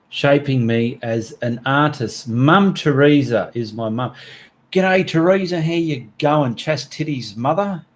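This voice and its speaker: Chatty Australian man reading comments. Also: medium pitch. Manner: friendly, chatty, reads comments aloud with slips and restarts. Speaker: art livestream host. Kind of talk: casual chat reading viewer comments.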